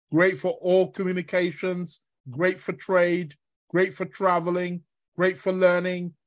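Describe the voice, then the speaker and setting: A man hosting an astrology show live from his bed while ill with covid, rambling and chatty with lots of fillers and shout-outs to listeners. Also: high voice. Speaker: astrology podcast host. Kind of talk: casual live-stream talk.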